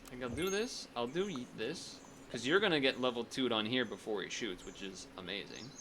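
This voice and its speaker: A man's voice: mid-range voice, expressive, fairly quick, sharp tone, a little hiss or hum. A man streaming a strategy game, chatting casually and thinking aloud, often restarting his sentences. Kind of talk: casual gameplay commentary.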